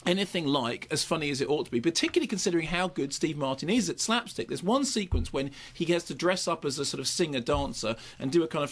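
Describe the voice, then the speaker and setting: A middle-aged British man talks through a film review at high speed, digressing and restarting his sentences. His voice sits a little high, and he sounds opinionated and animated. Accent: British English. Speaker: film critic. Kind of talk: radio film review chat.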